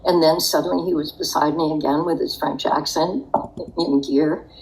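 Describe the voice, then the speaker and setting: A woman's voice: deep voice, fairly even intonation, normal speed, a little mellow, slight background noise, poor audio. An older woman telling a personal story in a podcast interview, in a reflective, wry way. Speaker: interview guest.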